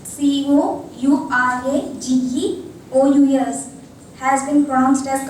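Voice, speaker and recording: A high-pitched young woman gives a slow classroom presentation, spelling each word letter by letter before saying it. She is picked up from far across a very echoey classroom with faint noise behind her. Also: steady tone, a little mellow. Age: young adult. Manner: spells out words letter by letter, then says them. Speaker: college student. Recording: echoey room, distant mic, faint noise.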